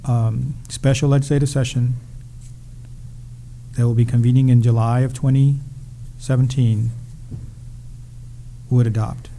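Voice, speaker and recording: A man's voice: medium pitch, flat delivery, a little slow, pauses often, warm tone, a little hiss or hum. A man advising a school board at a meeting, careful and qualifying every point.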